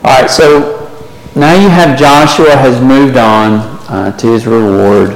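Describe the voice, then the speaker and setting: A mid-range voice with vocal fry speaks slowly as a man teaches Bible study, picked up far off in an echoey hall. He keeps it conversational, poses questions to the class and often asks "right?"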